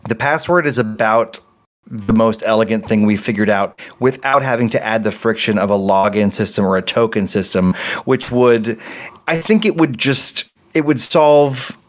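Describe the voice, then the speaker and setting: A man's voice: lowish voice, normal speed. A middle-aged man talking casually as a game developer guest on a podcast, rambling and correcting himself as he tells a story with animation.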